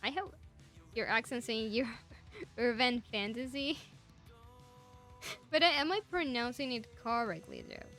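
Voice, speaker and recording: A woman's voice: on the high side, a little slow, pauses often, a bit bright, faint music behind. A young woman with a Spanish accent, a native Spanish speaker, chatting casually and enthusiastically with her stream viewers. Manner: enthusiastic, rambling.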